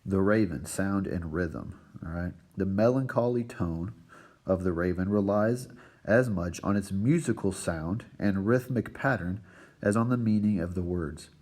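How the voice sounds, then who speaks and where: A man's voice: sits low, a little slow, darkish tone. A man teaching a recorded literature lesson to his students, checking in with "right?" and "all right" after nearly every point.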